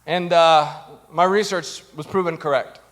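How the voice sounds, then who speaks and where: A man's voice: on the high side, unhurried. A young man preaching a comedic sermon, telling stories animatedly and acting out other people's voices. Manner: animated storytelling with acted-out voices. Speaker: pastor. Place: church stage.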